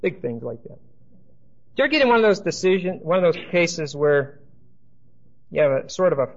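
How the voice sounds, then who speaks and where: A man's voice: fairly high pitch, lively intonation, moderate pace. Emphatic male preacher, lo-fi recording. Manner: emphatic, dry humor, addresses listeners directly. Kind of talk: sermon.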